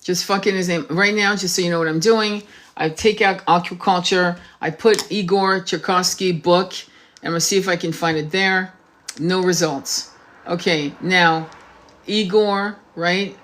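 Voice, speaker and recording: A woman's voice: fairly low pitch, fairly even intonation, measured pace, fairly bright tone, slight background noise. A woman hosting a casual livestream, talking while searching online, distracted and swearing, with many restarts. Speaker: tarot reader livestream host.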